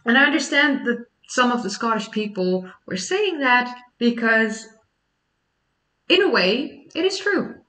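A woman's voice: fairly high pitch, pushed and bright, recorded from a distance, low-quality recording. A young adult woman from the Netherlands with a Dutch accent, chatting casually on a livestream and explaining history questions at length. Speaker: history YouTuber.

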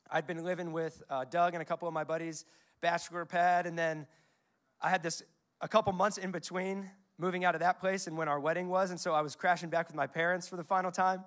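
With a high, somewhat bright voice, a man in his twenties or thirties preaches as a pastor. He quotes scripture and shares stories in a conversational manner.

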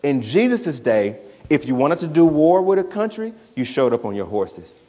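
A man's voice: on the high side, very animated, moderate pace, dark tone, long reverb tail. A man, a pastor preaching a sermon in a conversational, emphatic way that drives points home through repetition. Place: church sanctuary.

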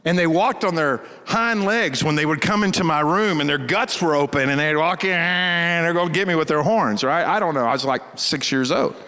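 A middle-aged pastor tells a story from the pulpit, animated and laughing. His voice sits high for a man. It rings out in a hall with a long reverb. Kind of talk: storytelling sermon.

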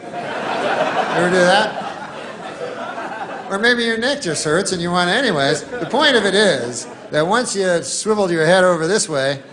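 A middle-aged man from Canada doing deadpan stand-up, rambling through a long story and putting on voices for newsmen. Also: high-pitched, unhurried, long pauses, crowd noise. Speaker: stand-up comedian.

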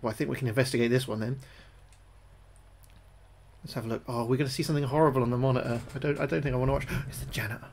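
Gravelly British man streaming a game. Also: medium pitch, fairly even intonation, racing, pauses often, slight background noise. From United Kingdom. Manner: chatty, repeats his own phrases, thanks viewers between moves; jumpy and loud when spooked in the game. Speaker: gaming livestreamer. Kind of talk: live gameplay commentary.

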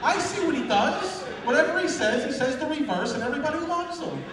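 A man doing a stand-up comedy set, telling stories in an animated way and acting out the people in them. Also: extremely high pitch, a little fast, very noisy. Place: live fundraiser stage before an audience. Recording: echoey distant room recording with crowd.

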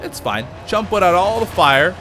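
A man hosting a let's play, commenting as he plays, with excitable, panicky exclamations under fire. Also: sits high, normal speed, a little hiss or hum. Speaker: gaming channel host.

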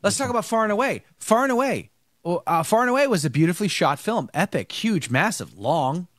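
Male live-show host, lively and animated, dry close sound. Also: high voice, quick pace, no room sound. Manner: animated, rambling, repeats words. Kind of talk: live-stream commentary and chat.

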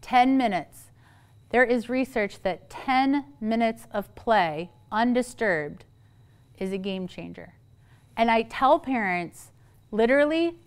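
A woman's voice: high-pitched, clean tone. A middle-aged woman therapist giving a humorous, chatty talk to parents, acting out the people she quotes. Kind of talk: lively talk to an audience of parents.

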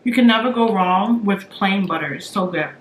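A woman's voice: medium pitch, moderate pace. A woman, a mother hosting a family eating video, chatting casually between bites, chewing carefully on sore teeth and murmuring as she eats. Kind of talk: casual mukbang chat while eating. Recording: roomy sound with faint background noise.

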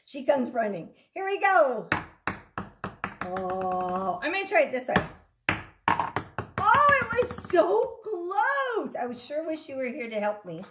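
A woman speech therapist leading children through a slow, enthusiastic word-practice game. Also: fairly high pitch, big pitch swings, background noise. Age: adult. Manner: slow, enthusiastic coaching prompts.

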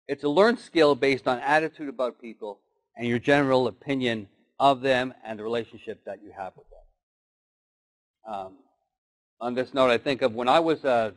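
Male keynote speaker, mid-pitched, storytelling delivery for a motivational talk. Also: rough recording. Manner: storytelling with acted animal voices.

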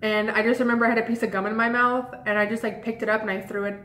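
A woman's voice: a little high, level tone, racing, a bit bright. A young woman telling a rambling first-date story to her viewers in casual chat, full of "like" and "um". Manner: chatty, rambling, lots of "like" and "um". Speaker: vlogger. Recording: echoey room.

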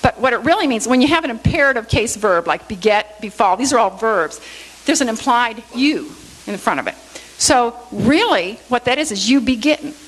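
A woman's voice: a little high, animated, normal speed, rough recording. A woman giving a Bible lesson in a church, explaining points step by step and often checking in with "okay?". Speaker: Bible teacher.

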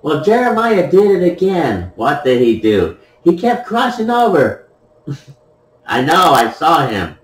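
Male gamer commentator, unhurried and playful, laughs a lot, echoey room, far from the mic. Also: fairly high pitch, very animated. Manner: playful, laughs at his own jokes. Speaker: gameplay commentator. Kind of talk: casual joking commentary over a replay.

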